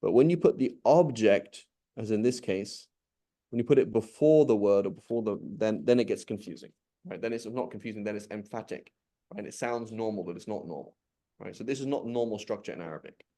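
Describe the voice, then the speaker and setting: A man's voice: fairly low pitch, fairly quick, mellow. A man teaching an Arabic language class, patiently asking questions and repeating key points. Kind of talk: live online class teaching.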